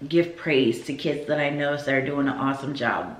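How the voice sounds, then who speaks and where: A woman who teaches first grade, giving casual classroom advice in a chatty, animated way and acting out what she says to her pupils. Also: deep voice, brisk, hardly any pauses, echoey room.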